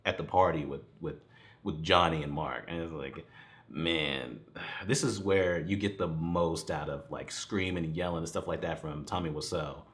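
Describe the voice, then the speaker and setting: A man's voice: low voice, a bit bright. A man giving a casual, rambling film review, laughing often and swearing freely. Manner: rambling, chuckling, profane. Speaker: movie reviewer.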